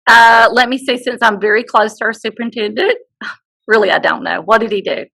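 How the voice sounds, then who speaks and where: A woman's voice: a little high, fairly quick, creaky, pushed and bright, poor audio. A woman co-hosting a podcast, chatting casually and joking and teasing her partner. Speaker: podcast co-host. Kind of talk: casual chat.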